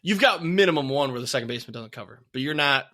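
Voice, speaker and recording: A young man co-hosting a podcast, chatting casually with animated, swearing storytelling. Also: medium pitch, fast. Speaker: podcast co-host. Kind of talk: casual chat.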